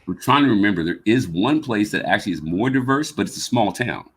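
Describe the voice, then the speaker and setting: A man in his fifties from the American South hosts a podcast, speaking in a lowish, slightly rough voice that is animated and a bit fast, with a slight Southern drawl. His casual conversation rambles, and he often repeats words while collecting his thoughts.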